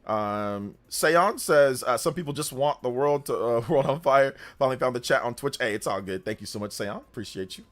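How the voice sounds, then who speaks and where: A man's voice: mid-range voice, normal speed, hardly any pauses. A man hosting a live stream, chatting casually, reading out chat messages and thanking viewers, often laughing. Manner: animated, reads chat aloud, laughs often. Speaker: livestream host.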